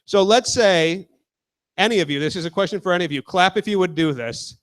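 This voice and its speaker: A man's voice: high-pitched, brisk. A man in his twenties doing a crude, chatty stand-up set and talking with the crowd. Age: 20s. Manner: casual, crude, talks with the crowd. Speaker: stand-up comedian.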